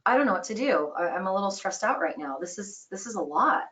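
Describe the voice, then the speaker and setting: Woman doing a stressed customer, bright voice, anxious and overwhelmed by a repair bill. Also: lowish voice, fairly even intonation, moderate pace, lightly acted. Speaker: customer in a sales role play.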